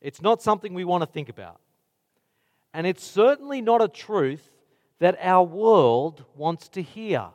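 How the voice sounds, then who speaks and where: A man preaching a sermon in a slow, deliberate way, leaning on weighty pauses. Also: high-pitched, sing-song, in a large hall.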